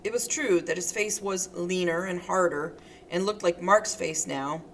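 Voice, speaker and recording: A woman reading a novel aloud as an audiobook narrator, in a steady, expressive manner. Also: on the low side, measured pace, a little hiss or hum. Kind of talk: scripted narration.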